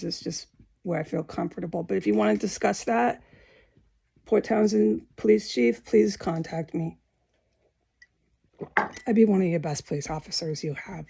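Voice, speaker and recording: A woman's voice: on the low side, creaky, warm tone, husky. A woman giving an emotional first-person account of a frightening confrontation, repeating herself, swearing and acting out what people said. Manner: emotional, repetitive, swears, acts out quotes. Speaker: vlogger giving personal testimony.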